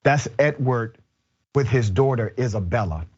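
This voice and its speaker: A man's voice: mid-range voice, expressive, moderate pace, a little mellow, slightly rough, lo-fi sound. A male host of a political commentary show who speaks in short, emphatic statements.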